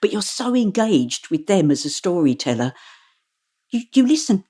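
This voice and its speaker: A middle-aged woman, an audiobook narrator, talking in an interview in a chatty, animated way and laughing often. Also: medium pitch, normal speed. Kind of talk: interview conversation.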